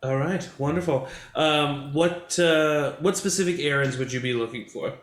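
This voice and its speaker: A man's voice: a little high, moderate pace, roomy sound. A man running a tabletop game as game master, easygoing and full of fillers.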